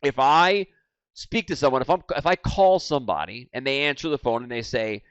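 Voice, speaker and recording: Guy in his 40s doing sales training, big swings loud to quiet, dry slightly muffled sound. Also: fairly quick, clear, resonant tone, dry recording. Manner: animated, swings between loud and hyped and low and quiet to demonstrate. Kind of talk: energetic training talk.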